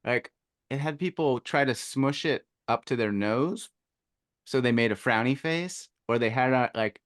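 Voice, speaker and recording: A man hosting a podcast in a casual, thoughtful way, pausing and searching for his words. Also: medium pitch, dry recording, clean studio sound. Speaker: podcast host.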